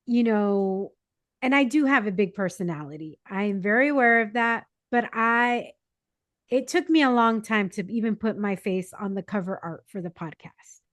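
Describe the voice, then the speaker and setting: A woman's voice: medium pitch, dry recording, clean studio sound. A woman hosting a podcast, chatty and rambling with self-deprecating humor in casual conversation. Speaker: podcast host.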